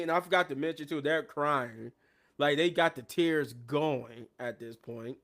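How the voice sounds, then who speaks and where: A man hosting a live show, retelling events in a casual, animated recap and acting out the quotes. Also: fairly high pitch, a little slow.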